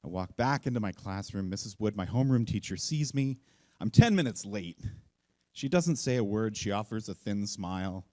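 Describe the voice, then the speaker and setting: A man telling a funny personal story on stage at a live event, self-mocking and acting out the voices in it. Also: moderate pace. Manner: animated, self-mocking, acts out voices with big jumps in pitch.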